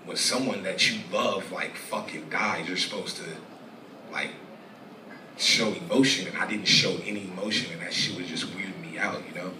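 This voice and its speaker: A young man telling a personal story as a guest in a live interview, rambling and profane with halting restarts. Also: deep voice, steady tone, noisy background. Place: live venue stage. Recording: echoey room, distant mic, audience ambience.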